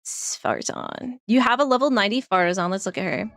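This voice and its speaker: A woman's voice: medium pitch, quick pace, fairly bright tone, no room sound. A woman casually commenting while playing a game on stream, chatty and laughing often, trailing off as she thinks.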